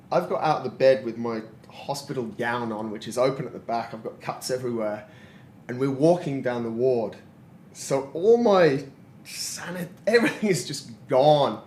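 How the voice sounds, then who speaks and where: His mid-range voice is a little mellow, with slight background noise and roomy echo in the recording. He's a podcast guest in his forties, reflectively telling stories, laughing often, in a casual interview chat.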